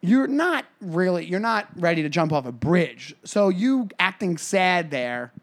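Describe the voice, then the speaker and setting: Male podcast co-host, high-pitched, casual and rambling, trips over his own sentences. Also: very animated, measured pace. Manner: rambling, self-interrupting storytelling. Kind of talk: casual comedy podcast chat.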